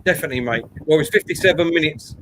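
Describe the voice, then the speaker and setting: High-ish bloke doing live footy watchalong commentary, gets shouty at chances, bit of background hiss. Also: male voice, rapid-fire. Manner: excitable, shouts at big chances. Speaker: watchalong host.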